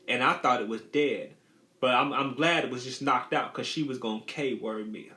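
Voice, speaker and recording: A man's voice: medium pitch, normal speed, pushed and bright. A man casually telling a childhood story, rambling and repeating his phrases. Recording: roomy echo.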